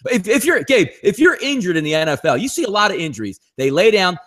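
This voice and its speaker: A man trading quick jokes about football in casual betting-show chat. He talks fast with a lively, bouncing pitch, a bit higher than average. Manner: quick, joking, eager to jump in. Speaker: co-host and sports handicapper.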